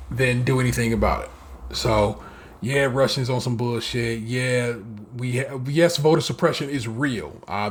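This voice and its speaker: A man co-hosting a podcast in casual chat, talking in animated, profane bursts and mocking the people he talks about. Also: medium pitch. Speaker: podcast co-host.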